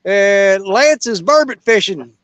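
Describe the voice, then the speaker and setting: A man with a notably high voice hosts a casual fishing panel outdoors by a river in the evening. He is still short of breath and talks in a loose, folksy ramble. His phone picks up a faint outdoor wash behind him. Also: animated, slow, fairly bright tone, slight background noise, rough recording. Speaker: host of a live fishing panel. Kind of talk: casual live-stream chat.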